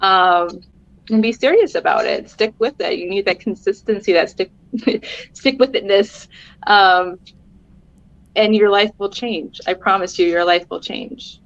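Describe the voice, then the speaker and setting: A woman's voice: mid-range voice, measured pace, no echo, highs cut off. A middle-aged woman, a podcast guest, talking earnestly and encouragingly in casual conversation, laughing often.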